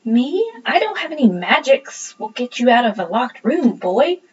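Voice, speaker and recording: A woman voicing a sharp-tongued young ghost witch who talks quietly and briskly, in a storybook reading. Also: on the high side, big pitch swings, husky, dull audio, full character voice. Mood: tart.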